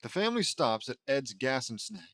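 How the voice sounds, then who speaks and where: A man's voice: mid-range voice, big pitch swings, normal speed, fairly bright tone, no echo. Chatty man reading a fan audiobook. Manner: chatty reading with offhand asides and laughs. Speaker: narrator.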